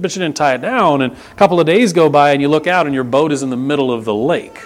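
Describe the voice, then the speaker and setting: A middle-aged pastor giving a sermon in a church, conversational and repetitive, swinging between loud emphasis and hushed intensity. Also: male voice, fairly high pitch, fast, few pauses. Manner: repeats words, frequent restarts and asides to the congregation.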